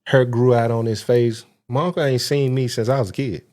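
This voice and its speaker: A man telling a personal story in casual chat, animated, acting out the voices of people in it and laughing often. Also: mid-range voice, brisk. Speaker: guest telling his prison story.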